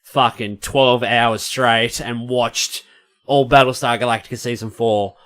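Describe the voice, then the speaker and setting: A man's voice: medium pitch, steady tone, a little slow, a bit bright. An Australian man co-hosting a podcast in casual chat, enthusiastic and swearing freely. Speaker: podcast co-host.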